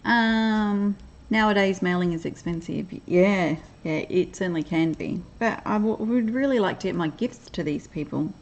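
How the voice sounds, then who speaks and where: A middle-aged Australian woman with an Australian accent hosts a casual livestream, reading viewers' comments aloud and laughing often. Her medium-pitched voice moves at normal speed, and the highs are cut off.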